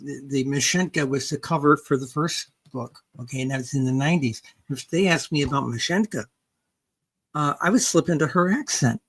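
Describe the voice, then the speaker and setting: An older woman guest in a casual interview, rambling with frequent restarts and "okay" checks. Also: low voice. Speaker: guest researcher and author.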